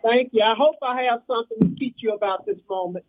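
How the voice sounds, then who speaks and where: A woman's voice: fairly high pitch, fast, narrow, tinny audio, soft background music. An older woman from Alabama gives a fiery rally speech in a call-and-response preaching cadence over a public address system outdoors. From Alabama, US South. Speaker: rally speaker.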